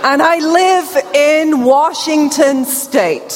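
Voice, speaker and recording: A woman's voice: sits high, slow pace, noisy background. A British woman in her forties speaking with a deaf accent, giving a playful keynote speech to a crowd in a large hall. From England. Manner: chatty and playful, engaging the crowd. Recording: echoey hall, amplified speech.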